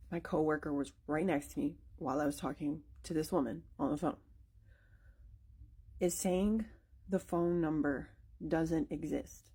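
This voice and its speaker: A young woman tells a spooky story from her own life in a loose, chatty way, full of fillers and restarts. Her voice sits a little low for a woman. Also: mellow, breathy edge. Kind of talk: casual spoken storytelling.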